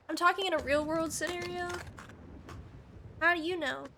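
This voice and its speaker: High-voiced giggly woman streamer. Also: unhurried, background noise. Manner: giggly, rambling, lots of "like". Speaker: game streamer. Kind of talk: casual live-stream chat.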